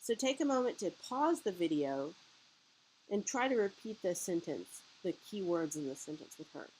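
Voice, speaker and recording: A woman talks viewers through a French lesson with patient, step-by-step explanations. Her voice sits a little low. A faint hiss runs under the recording. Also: expressive, normal speed, darkish tone, poor audio. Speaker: French teacher. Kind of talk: guided video lesson narration.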